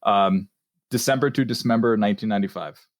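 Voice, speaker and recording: A man co-hosting a podcast, telling stories in a relaxed, chatty way with fillers. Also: on the low side, a little fast, dry recording, clean studio sound. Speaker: podcast co-host. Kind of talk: casual chat.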